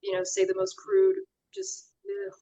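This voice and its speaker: A woman's voice: very high voice, big pitch swings, a little slow, warm tone, lo-fi sound. A woman who works as a haunted house actor, talking in a casual interview with a lot of fillers and easy laughs. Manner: chatty, many fillers, laughs easily.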